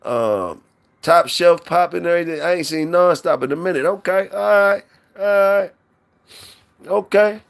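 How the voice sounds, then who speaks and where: A man's voice: sits high, moderate pace, gravelly. Profane man riffing on a live stream. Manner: loose, profane, repetitive banter with chat. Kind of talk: casual live-stream chat. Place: workplace, talking on a mic from work.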